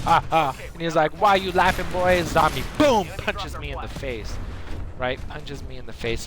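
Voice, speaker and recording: Animated man telling a tall tale. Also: on the high side. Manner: animated, jumps between voices and laughs. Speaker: gaming streamer. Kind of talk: rambling made-up story over gameplay. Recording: game gunfire noise behind.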